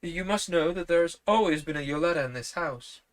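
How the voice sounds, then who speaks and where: A man voicing a courteous young man who explains things with calm, slightly superior politeness in a storybook reading. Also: fairly high pitch, brisk, pitched above the performer's own voice, lightly acted. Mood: politely explaining.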